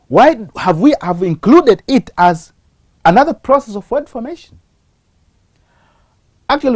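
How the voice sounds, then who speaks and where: A teacher walks through a grammar lesson at an unhurried pace. The voice rises and falls a lot, and it often pauses on questions to the class. The sound is close and dry, with no room around it. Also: medium pitch, a little mellow, no echo. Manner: slow, deliberate, asks rhetorical questions. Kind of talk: televised English grammar lesson.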